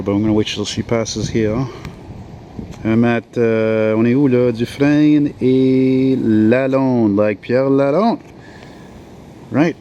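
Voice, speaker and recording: A man, dropping words now and then. He rambles and swears as he walks along a city street with a handheld camera. His voice is mellow and dark, with faint traffic behind him. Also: medium pitch, lo-fi sound. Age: 40s. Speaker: vlogger. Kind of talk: rambling walk-and-talk vlog. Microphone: handheld camera while walking.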